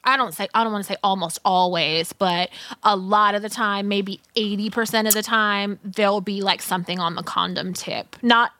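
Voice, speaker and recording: Woman, bright, profane podcast storyteller, dry studio sound. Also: medium pitch, normal speed, no room sound. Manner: profane, animated storytelling with acted-out quotes. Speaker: podcast co-host telling a story. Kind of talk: casual storytelling chat.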